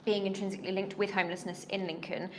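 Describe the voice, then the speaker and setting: A woman's voice: mid-range voice, steady tone, fast, a little hiss or hum. A woman interviewing a candidate, asking questions in a hesitant way with fillers.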